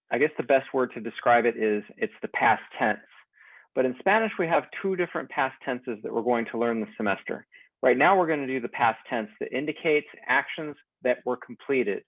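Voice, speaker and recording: Spanish teacher drilling verbs, phone-thin sound. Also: male voice, mid-range voice, dry recording. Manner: slow, deliberate drill delivery with repeat-after-me pauses. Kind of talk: recorded class lecture. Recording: dry, phone-like narrow sound.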